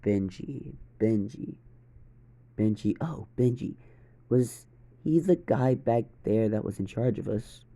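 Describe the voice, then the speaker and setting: A cold, ruthless boy captive, as a man reads him in a deep, gravelly, unhurried voice. The lines come out flat and calm, low and dark in tone. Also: exaggerated voice.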